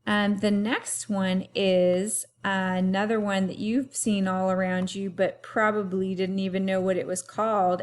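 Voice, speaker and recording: A woman teacher giving a remote lesson to young children, talking clearly and having them repeat words after her. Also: mid-range voice. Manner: slow, clearly paced teacher talk with call-and-repeat.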